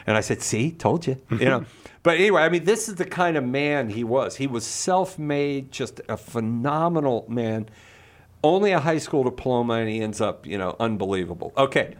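A man's voice: medium pitch, expressive, moderate pace. A middle-aged man telling a personal story and arguing a moral point, earnest and passionate, often repeating words when stirred. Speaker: Catholic speaker.

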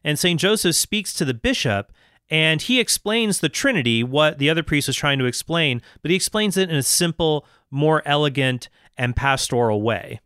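Animated man, dry close sound. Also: on the high side, clean tone, no room sound. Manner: animated storyteller, reads quotes slowly and emphatically. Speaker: Catholic speaker and author. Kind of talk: lecture-style talk on saints.

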